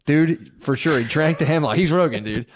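A man's voice: on the high side, moderate pace, a little hiss or hum. A man co-hosting a comedy podcast, telling a story in rambling casual chat with heavy slang and acted-out quotes. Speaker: podcast co-host.

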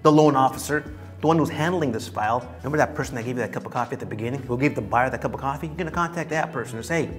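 A man teaching real estate in a lively, theatrical way, acting out the conversations he describes. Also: medium pitch, very fast, music in the background. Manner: lively, theatrical, acts out dialogues. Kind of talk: animated teaching talk.

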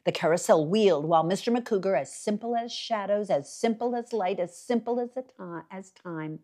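A woman reading a novel aloud for a library reading series, with expressive, dramatic storytelling. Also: mid-range voice, normal speed, few pauses. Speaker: library reader.

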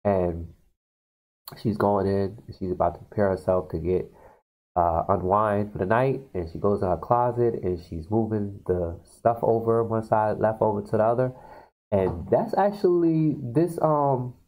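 A man's voice: lowish voice, moderate pace, a little mellow, rough recording. A man hosting a casual video, rambling through a movie recap and acting out lines. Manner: rambling, acts out characters' lines. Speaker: YouTube host.

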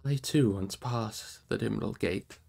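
A man reading aloud voices a weary male ranger who speaks quietly and heavily. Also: steady tone, normal speed, close to an everyday voice. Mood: grave. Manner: low, heavy, quiet. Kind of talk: audiobook reading.

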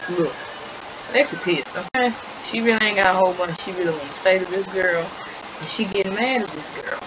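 A woman's voice: lowish voice, fairly quick, background noise. Slangy, chatty woman narrating a game. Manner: slangy, animated, chatty commentary. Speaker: game storyteller. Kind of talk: casual narrated gameplay storytelling.

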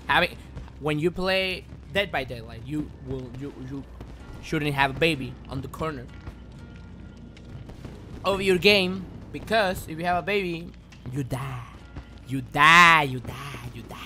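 A man streaming a horror game live, excitable and swearing, swinging between loud outbursts and low muttering, a native Spanish speaker. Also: a little slow, pauses often. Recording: music playing loudly behind.

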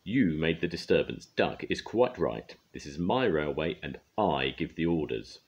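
A man voicing a pompous railway boss in a storybook reading, giving orders in a booming voice. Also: very animated, a little slow, heavily acted. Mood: stern. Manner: booming, commanding. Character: pompous stout railway boss, stern but fond.

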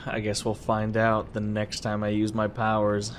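A man's voice: fairly low pitch, completely flat delivery, moderate pace, a little hiss or hum. A middle-aged man playing a video game with his daughter, cracking dry jokes. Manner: dry, wisecracking. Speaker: player of the game. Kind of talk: casual let's-play banter.

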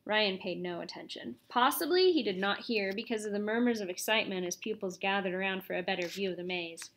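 A woman reading a children's chapter book aloud in an expressive, lively storytelling manner. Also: medium pitch, fairly quick, a little hiss or hum. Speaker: audiobook reader.

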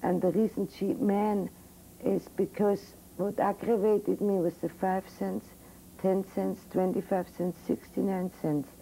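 A woman's voice: medium pitch, flat delivery, a little slow, creaky, mellow, rough recording. An older woman psychiatrist telling a personal story to medical students in a frank, vivid lecture. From Switzerland. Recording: old 1982 recording with faint hiss.

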